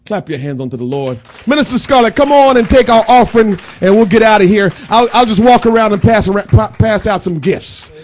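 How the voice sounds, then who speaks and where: A man preaching a sermon in a church, swinging between shouted preaching and quiet talk. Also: sits high, expressive, fairly quick, hardly any pauses. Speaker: pastor. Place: church sanctuary.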